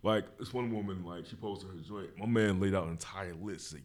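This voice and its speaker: Male podcast host, low-ish voice, slangy and laid-back, quick hype shout-outs. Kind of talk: casual chat.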